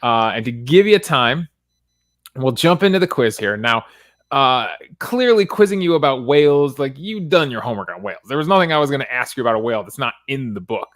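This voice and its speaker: A man's voice: medium pitch, lively intonation, a little fast, fairly bright tone, no room sound, clean studio sound. A man hosting an online show in casual chat, easygoing and guiding the talk. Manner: easygoing, runs the show with light laughs. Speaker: host.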